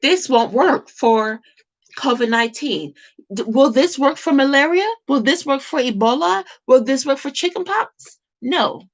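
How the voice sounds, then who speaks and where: Emphatic woman with a gravelly voice. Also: high-pitched, expressive, a little slow. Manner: emphatic, repetitive, rhetorical questions. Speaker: vlogger. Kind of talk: impassioned monologue to camera.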